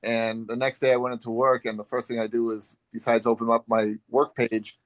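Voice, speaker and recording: A man with a middling voice tells a long story in a relaxed way. The sound is dry and close, and he fills pauses with "um" and "uh". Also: mid-range voice, no room sound, rough recording. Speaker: longtime fan, group member. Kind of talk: casual video chat storytelling.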